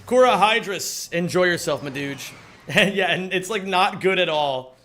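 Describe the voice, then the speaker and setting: A man's voice: high-pitched, animated, normal speed, sharp tone. A man speedrunning a game on stream, casually joking and swearing as he chats with viewers. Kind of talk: casual gaming commentary.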